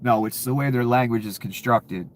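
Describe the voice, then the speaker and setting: A man's voice: mid-range voice, moderate pace. Sarcastic ranting man. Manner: ranting, sarcastic, laughs at his own jokes. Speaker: political commentator. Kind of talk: casual profane commentary.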